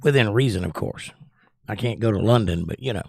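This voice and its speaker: A man's voice: fairly low pitch, brisk, gravelly, dry recording. Guy hosting a chill livestream, rambles and reads chat, dry voice no room sound. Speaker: livestream host. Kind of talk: casual chat reading viewer comments.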